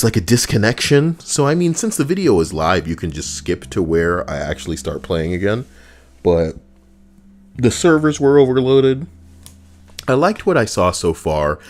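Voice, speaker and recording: Male streamer chatting casually; joking, rambling, swoops up and down. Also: low voice.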